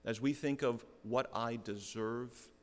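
A man's voice: mid-range voice, steady tone, slow pace. A middle-aged man preaching a sermon, explaining a text earnestly and repeating key phrases for emphasis. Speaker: pastor. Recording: long reverb of a hall.

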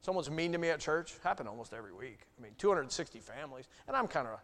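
A male pastor preaching a sermon, swinging from loud bursts to hushed asides. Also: fairly high pitch, lively intonation, fast talker. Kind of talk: sermon teaching. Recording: long hall reverb.

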